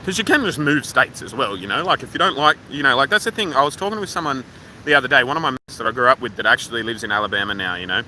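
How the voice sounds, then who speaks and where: Animated and rapid-fire, this mid-range, sharp-toned voice belongs to an Australian livestream host streaming by phone outdoors at a waterfall park. He rambles casually and curses freely while reading viewer comments, and the rough recording has a little hiss or hum.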